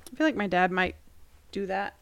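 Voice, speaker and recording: A woman's voice: medium pitch, animated, a little fast, clear, resonant tone. A woman co-hosting a podcast at home, telling stories in easy casual chat and laughing often. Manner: easygoing storyteller, laughs often. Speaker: podcast co-host.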